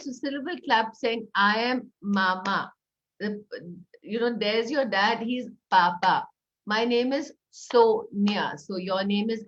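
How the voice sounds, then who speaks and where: Indian english lady, middle-aged teacher, explains phonics games to parents, keen and slowing to model words, slightly muffled audio. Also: fairly high pitch. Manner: warm, enthusiastic, slows down to model words and sentences. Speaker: early-years educator and author. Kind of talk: talk for parents.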